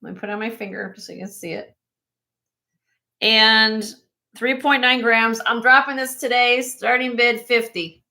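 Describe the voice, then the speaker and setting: Woman host, live sale stream, quick item rundowns with friendly asides, bright tone. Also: a little high, steady tone. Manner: brisk item listing with chatty asides and restarts. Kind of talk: casual live-sale chat. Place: at home.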